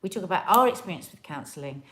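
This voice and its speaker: A woman's voice: on the low side, animated, quick pace, a bit bright, a little hiss or hum. Chatty woman co-hosting a live stream. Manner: chatty, drifting into put-on accents and bursts of song. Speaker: co-host of a family YouTube channel. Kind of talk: casual live chat.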